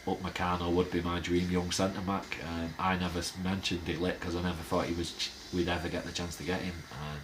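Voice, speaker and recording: A deep-voiced man talks loosely to his viewers in a casual vlog. He rambles and restarts his sentences, filling the gaps with ums and uhs. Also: level tone, quick pace, hardly any pauses, background noise. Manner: rambling, chatty, with many fillers and restarts. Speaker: fan channel host. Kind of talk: casual fan vlog chat.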